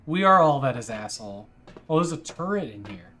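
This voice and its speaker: A man's voice: medium pitch, big pitch swings, fairly quick, sharp tone, faint music behind. A man casually commenting while he plays a game and reads its text aloud, hesitant and wry. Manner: hesitant and wry, with many fillers. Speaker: game streamer.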